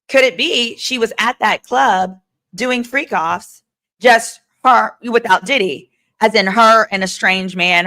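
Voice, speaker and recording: A woman attorney hosting a live stream, giving sassy, animated legal commentary and talking straight to her viewers. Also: mid-range voice.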